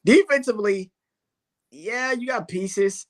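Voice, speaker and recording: A man's voice: sits high, slow. A man co-hosting a casual sports podcast, talking bluntly with lots of swearing and chuckles between remarks.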